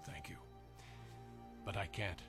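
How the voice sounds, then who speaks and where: An actor playing a calm, steadfast apostle, gentle and resolute. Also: male voice, slow pace, natural voice. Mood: serene. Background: music.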